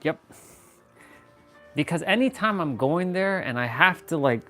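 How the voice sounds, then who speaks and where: A goofy man chatting on a live stream over a phone, joking and laughing at himself. He talks slowly and takes his time between thoughts. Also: a little high, expressive, bright, forceful tone, faint music behind. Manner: goofy, joking, self-mocking. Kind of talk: casual live-stream chat.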